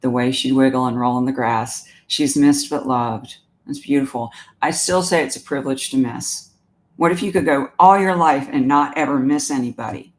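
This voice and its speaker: Gentle, halting woman on a live stream. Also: rumbling low. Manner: warm, emotional, halting with many restarts. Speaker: animal communicator hosting a live stream. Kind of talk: gentle live-stream talk answering viewer comments.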